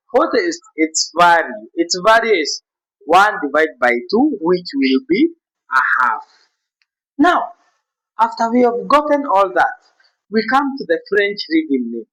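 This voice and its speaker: A man's voice: a little high, pushed and bright, poor audio. A man teaching a beginners' music lesson, explaining note values step by step and chanting rhythm syllables aloud.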